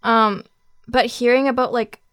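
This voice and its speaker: A woman in casual chat, reacting and musing with halting starts and fillers. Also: a little high, fairly even intonation, a bit bright, clear, resonant tone, no room sound, studio quality.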